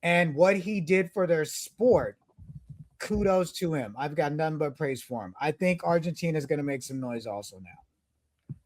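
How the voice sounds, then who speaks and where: High-voiced man in casual sports chat. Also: lively intonation, a little slow, a little mellow, a little hiss or hum. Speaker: podcast co-host.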